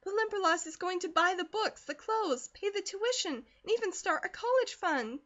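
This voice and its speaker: Audiobook girl voice: a woman playing an earnest teenage country girl, high and pleading, with a dull lo-fi sound. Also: moderate pace, natural voice. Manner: pleading, breathless, rising.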